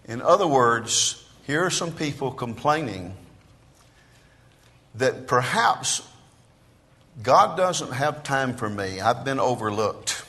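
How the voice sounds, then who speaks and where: A man preaching a sermon in a church, moving between quiet, conversational asides and loud, emphatic declarations. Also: medium pitch, expressive, takes it slowly, pauses often. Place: church sanctuary. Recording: long hall reverb.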